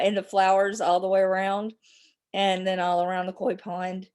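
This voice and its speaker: A woman's voice: mid-range voice, darkish tone. A middle-aged woman, hosting a rambling live chat with her viewers and laughing often. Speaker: livestream host.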